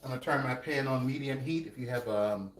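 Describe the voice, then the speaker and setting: A man's voice: medium pitch, fairly quick, roomy sound, distant mic, a little hiss or hum. Laid-back man cooking away from the mic. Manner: laid-back, explains steps as he goes. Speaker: co-host cooking. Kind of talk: casual cooking demo. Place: home kitchen.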